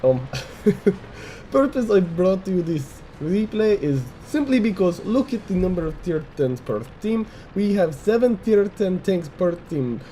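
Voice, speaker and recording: A man's voice: high voice, sing-song, unhurried, hardly any pauses, dark tone, a little hiss or hum, low-quality recording. An American man commentating a game replay in a put-on Russian accent, speaking in stiff, formal phrasing without contractions and often restarting his sentences. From United States. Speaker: gameplay commentator.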